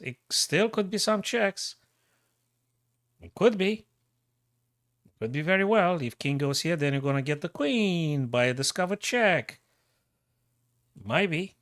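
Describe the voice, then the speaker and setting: Excitable man calling chess moves live. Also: mid-range voice, dry recording, studio quality. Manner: thinking aloud, excitable, repeats himself. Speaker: chess streamer.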